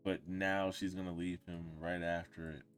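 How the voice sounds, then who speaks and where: A man co-hosting a casual podcast chat, blunt and opinionated, laughing loudly and then dropping to a mutter. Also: low-pitched, level tone, unhurried, slight background noise. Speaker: podcast co-host.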